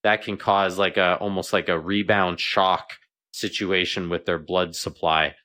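A man's voice: deep voice, level tone, a little slow, sharp tone. A man speaking as a veterinarian guest on a radio show, explaining plainly and often repeating words as he thinks.

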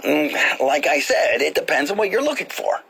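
An actor playing an easygoing contractor in a radio ad, explaining patiently with some hesitation. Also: male voice, fairly high pitch, big pitch swings, normal speed, creaky, bright, forceful tone, husky, exaggerated voice. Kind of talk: radio ad acting.

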